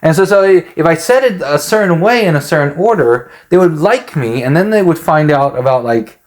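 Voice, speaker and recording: A man's voice: on the high side, lively intonation, moderate pace, few pauses, darkish tone. A man talking in a rambling, hesitant monologue, full of fillers and restarts. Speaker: podcast host.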